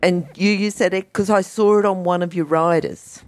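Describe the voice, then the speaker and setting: A woman's voice: on the low side, steady tone, normal speed, no room sound, studio quality. A woman hosting an interview, thinking aloud in a rambling way. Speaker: interview host. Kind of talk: casual interview.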